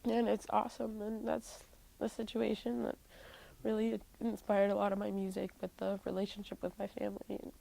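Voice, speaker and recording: A woman's voice: mid-range voice, completely flat delivery, fairly quick, gravelly, dark tone, low-quality recording. A young woman musician telling a personal family story in an interview, candid and full of "like" fillers. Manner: heavy use of "like" fillers, candid.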